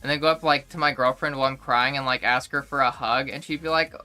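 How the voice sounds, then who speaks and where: A woman's voice: a bass voice, brisk, few pauses, bright, forceful tone, faint music behind. A young woman streaming live, chatting casually and rambling with lots of fillers and restarts.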